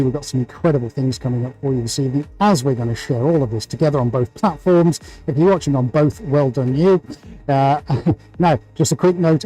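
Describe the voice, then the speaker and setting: A man's voice: medium pitch, dark tone, low-quality recording. A British man hosting a painting livestream, talking to viewers in an upbeat, enthusiastic way and full of superlatives. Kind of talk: livestream commentary.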